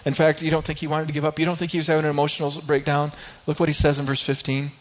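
A man's voice: fairly high pitch, completely flat delivery, very fast, dull audio. A man preaching a sermon as a pastor, earnest and asking rhetorical questions.

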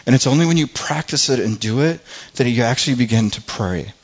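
This pastor speaks with a medium-pitched, expressive, slightly rough voice at a somewhat quick pace. The recording is muffled, and his earnest, conversational sermon is marked by frequent restarted phrases.

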